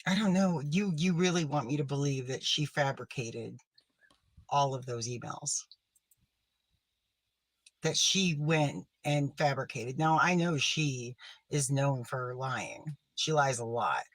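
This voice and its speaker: A man's voice: mid-range voice, slow, no echo, poor audio. A man playing Dana, a petty scolding streamer woman. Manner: accusing and self-righteous, dropping into sharp whispers. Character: petty, vindictive woman livestreamer scolding her viewers. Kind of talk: comedic sketch monologue.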